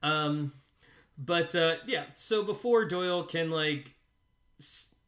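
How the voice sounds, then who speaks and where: A man's voice: fairly high pitch, slow pace, fairly bright tone. A man co-hosting a podcast, recapping an episode in casual, rambling chat with lots of fillers and frequent laughter. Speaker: podcast co-host.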